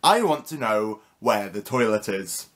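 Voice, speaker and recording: A man's voice: lowish voice, sing-song, measured pace, fairly bright tone. A young British man with a cheeky, mock-indignant manner, hosting a comedic vlog lesson. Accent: British English. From United Kingdom. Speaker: vlogger.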